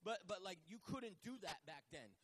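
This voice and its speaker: A man's voice: high voice, normal speed, noisy background. A man preaching a sermon in church, retelling a Bible story with casual asides and acted-out voices. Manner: animated storytelling, acts out biblical figures in casual voices. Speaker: pastor.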